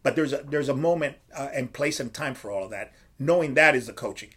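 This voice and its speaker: A middle-aged man who hosts a podcast and works as a strength coach chats casually, swearing freely and posing questions he then answers himself, like a coach would. His mid-range voice is a little fast and a bit bright, with a breathy edge.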